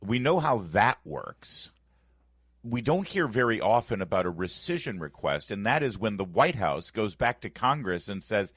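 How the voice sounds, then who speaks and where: A man's voice: lowish voice, sing-song, normal speed, a bit bright, breathy edge, dry recording, clean studio sound. A man hosting a morning talk radio show, emphatic and playfully sarcastic as he runs through the lineup and banters with his co-host. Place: radio studio. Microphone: studio microphone.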